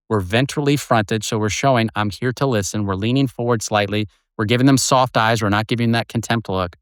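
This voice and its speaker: A middle-aged man, a retired agent and author, explaining his methods in an animated way as an interview guest. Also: medium pitch, clean tone, dry recording, clean studio sound. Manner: animated, explains with examples and acted quotes.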